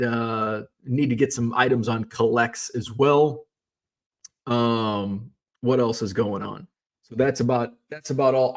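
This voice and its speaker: A middle-aged man casually telling a story in his home basement, rambling with lots of fillers and restarts and the odd swear word. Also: medium pitch. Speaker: card collector and seller. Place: home basement shipping room.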